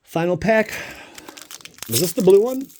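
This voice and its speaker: A playful man hosts a casual vlog while opening card packs, chatting directly to his viewers. His pitch swings widely from line to line and he keeps the tone loose and jokey. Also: expressive, measured pace, background noise. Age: adult father of a young child.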